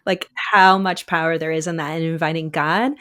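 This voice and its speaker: A woman's voice: deep voice, fairly even intonation, moderate pace. A woman hosting an interview, responding with affirming remarks before asking her next question. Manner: warm affirming listener. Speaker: host. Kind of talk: conversational interview.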